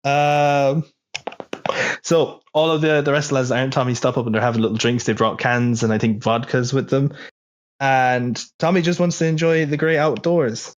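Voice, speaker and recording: A man's voice: medium pitch, fairly even intonation, normal speed. Man hosting a swearing movie chat. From Ireland. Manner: swearing, laughing, retelling scenes. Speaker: podcast host. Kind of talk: casual film podcast chat.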